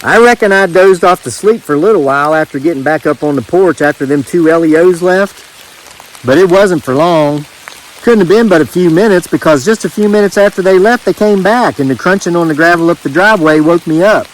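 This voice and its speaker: A man's voice: high voice, fairly quick, rough recording. A man reads a story aloud outdoors in the rain, in a folksy, joking drawl. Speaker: homesteading channel host.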